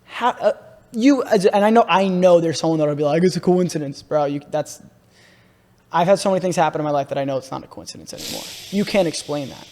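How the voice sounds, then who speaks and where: A young man on a podcast, excitedly telling a long story and calling his listener "bro" a lot. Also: on the high side, fast talker. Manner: excitable, repeats himself, says "bro" a lot. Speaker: podcast host. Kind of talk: casual podcast chat, storytelling. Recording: room with long reverb.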